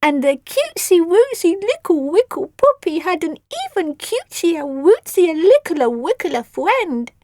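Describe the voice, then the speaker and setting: A woman's voice: very high-pitched, sing-song, unhurried, hardly any pauses, a little mellow, dry recording, studio quality, voice pushed up, heavily acted. A woman voicing a cheerful young girl who coos and gushes in baby talk. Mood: cooing. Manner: cooing, gushing baby talk. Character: cheerful young girl monster-sitter, gushing.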